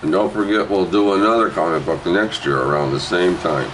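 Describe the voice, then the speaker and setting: Brief: deep-voiced man, rambling joker selling a comic at home, faint hiss behind. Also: a little fast, poor audio. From Canada. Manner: jokey, rambling, swings from low mutters to loud hype. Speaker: vlogger auctioning a comic book. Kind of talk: rambling casual sales pitch.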